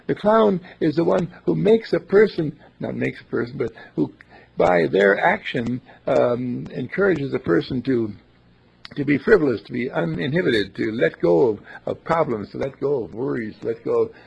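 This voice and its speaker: Gravelly man, playful rambling storyteller. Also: medium pitch, expressive, normal speed, a little mellow, highs cut off. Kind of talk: casual storytelling talk.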